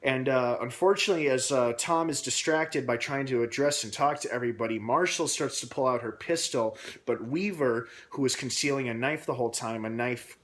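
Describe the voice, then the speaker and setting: A man recapping a TV episode in a casual, rambling vlog with many pauses and fillers. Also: mid-range voice, fairly bright tone, a little hiss or hum. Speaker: TV episode reviewer.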